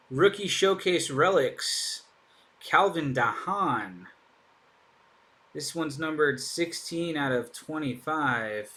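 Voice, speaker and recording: A man's voice: on the high side, lively intonation, slow pace, sharp tone. A man hosting a live card break, chatting in an upbeat way as he opens packs and thinks aloud. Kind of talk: casual live commentary while opening packs.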